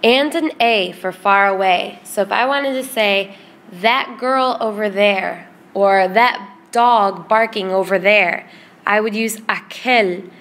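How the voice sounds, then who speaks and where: A woman teaching a Spanish grammar lesson in English, explaining patiently and repeating word lists slowly. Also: medium pitch, fairly bright tone.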